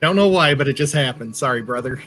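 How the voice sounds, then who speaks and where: A man's voice: medium pitch, a bit bright, a little hiss or hum. A man co-hosting a casual livestream, chatty and jokey, often stopping to correct himself. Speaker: co-host.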